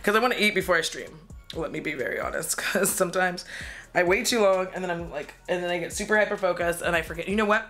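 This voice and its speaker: Woman vlogger, casual get-ready chat while doing makeup, talkative with frequent swearing, soft music underneath. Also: on the low side, fast. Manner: chatty, swearing, laughing often, acting out her own quotes. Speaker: beauty vlogger.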